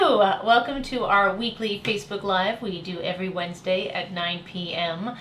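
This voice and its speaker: A chatty American woman of middle age hosts a casual livestream, her voice sitting at an ordinary pitch. She rambles with fillers and laughs at herself. The sound is roomy and echoing, with a faint hum of ambience behind her. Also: fairly even intonation, moderate pace, a bit bright. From United States. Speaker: travel show host.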